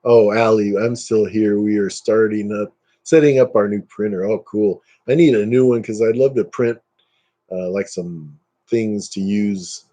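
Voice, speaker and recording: Mellow-voiced man ranting on a live stream. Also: fairly even intonation, a little slow. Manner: ranting, dismissive, jumps up in pitch when worked up. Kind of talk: casual live-stream chat with viewers.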